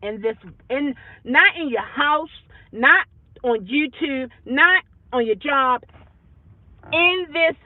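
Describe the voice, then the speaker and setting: A woman rideshare driver vlogging in a casual, rambling monologue, animated and full of repeats. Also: high voice, slow pace, no echo. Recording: tinny phone-like dry sound.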